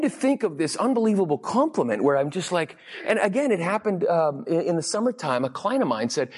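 A man giving a conversational sermon as a guest preacher, telling chatty anecdotes and quoting people in lively voices. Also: on the high side, a little fast, hardly any pauses, slightly rough.

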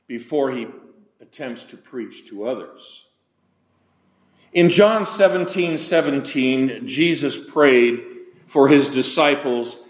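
An older man preaching a sermon, deliberate and slowing down, his voice dropping for emphasis. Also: medium pitch, expressive, reverberant. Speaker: pastor.

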